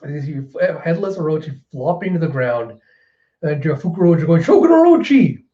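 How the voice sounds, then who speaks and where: Animated man recapping in a mellow voice. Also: fairly high pitch, fairly quick. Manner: animated, retelling with frequent fillers. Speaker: manga reviewer. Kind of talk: casual reaction commentary. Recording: roomy, slightly dull recording.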